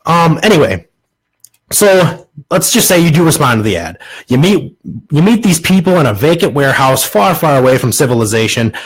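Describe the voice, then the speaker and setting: A man's voice: a little high, big pitch swings, moderate pace, husky, rough recording. A young man hosting a podcast, doing a crude, sarcastic comic monologue and restarting lines now and then. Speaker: podcast host.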